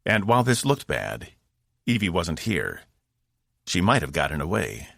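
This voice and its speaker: A man narrating a science fiction audiobook in a measured storytelling voice. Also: deep voice, wildly swooping pitch, creaky, a bit bright, dry recording, studio quality. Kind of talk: scripted narration.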